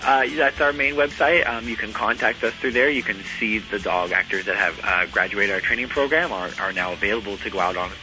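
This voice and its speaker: A man's voice: fairly low pitch, brisk, few pauses, pushed and bright, faint music behind, low-quality recording. A man, a head dog trainer, telling stories as a radio guest in a chatty way full of ums and uhs. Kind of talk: radio interview.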